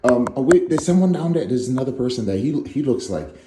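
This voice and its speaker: A man voicing a fussy, panicky unicorn stuck in a tree, stammering and pleading in a high, whiny, frantic voice. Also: animated, normal speed, echoey room, noisy background.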